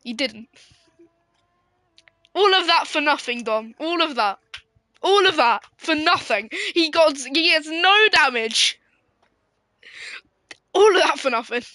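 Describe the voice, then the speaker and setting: A woman giving casual, excitable live sim racing commentary, giggling and swearing as she banters. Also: sits high, takes it slowly, long pauses, dry recording.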